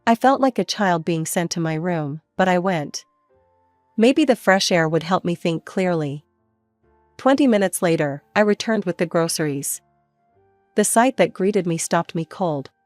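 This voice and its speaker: A woman narrating a first-person family story in a steady, plain way. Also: on the low side, unhurried, no room sound, faint music behind.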